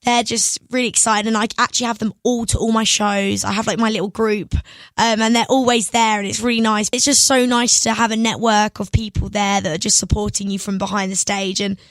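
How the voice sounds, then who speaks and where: A young woman, a singer, telling stories in an excitable, giggly way as a radio guest. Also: mid-range voice, a little fast, dry recording. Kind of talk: casual interview chat. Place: radio studio.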